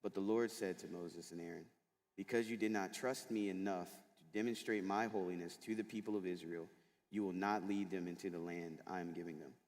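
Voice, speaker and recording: Deep, steady, and slightly dark in tone, this man talks a little fast as he preaches to middle schoolers in a spacious school chapel. His delivery is loose and chatty, full of fillers, with a long hall echo behind it.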